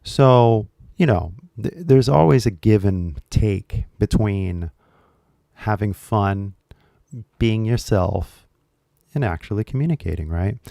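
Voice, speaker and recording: A man's voice: fairly low pitch, animated, slow pace, creaky, warm tone, no room sound, studio quality. A man with a Californian accent, casually chatting to camera as the host of an English-learning video, rambling and jokey with lots of fillers.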